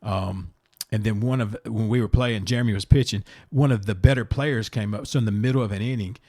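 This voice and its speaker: A man's voice: fairly low pitch, brisk. A man hosting a casual podcast, rambling from topic to topic, often restarting and repeating words, blunt in his opinions. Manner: blunt and animated. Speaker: podcast host.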